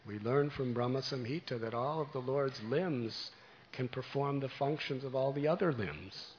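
A man preaching, telling a devotional story to a congregation with gentle, animated delivery. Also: medium pitch, moderate pace, highs cut off, slight background noise.

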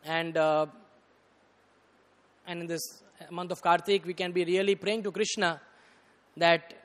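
A man preaching a storytelling sermon, animated and rising to loud bursts, often saying "you know". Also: high-pitched, measured pace. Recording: reverberant hall.

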